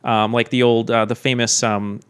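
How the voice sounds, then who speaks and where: A man's voice: medium pitch, little pitch movement, moderate pace, smooth. Rambling chicago guy on a podcast. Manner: rambling, many ums and restarts. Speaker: podcast co-host. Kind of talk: casual chat. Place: recording studio.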